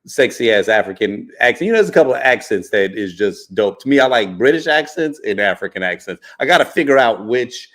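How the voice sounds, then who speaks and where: A man's voice: mid-range voice, fairly quick, hardly any pauses. Frank, slangy male podcast host. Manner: animated and frank, peppered with "you know" and "right?"; casual and profane, slangy. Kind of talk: casual podcast commentary.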